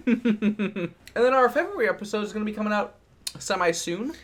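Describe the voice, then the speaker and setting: A man co-hosting a podcast, his voice swinging up and down with a lot of movement. He teases his co-host, laughs easily and swears casually in a relaxed chat. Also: high voice, moderate pace.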